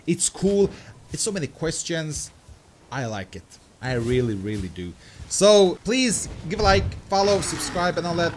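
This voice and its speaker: A man hosting a let's-play, reacting excitably, swearing casually and chattering to the creature in the game. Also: fairly high pitch, a little hiss or hum. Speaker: gaming channel host.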